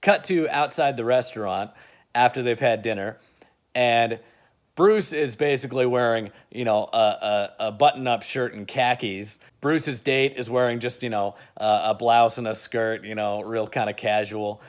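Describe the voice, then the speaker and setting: A man's voice: mid-range voice, normal speed. A man casually retelling an imagined movie plot in a rambling, filler-heavy way. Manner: rambling, with many fillers and restarts. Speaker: video creator.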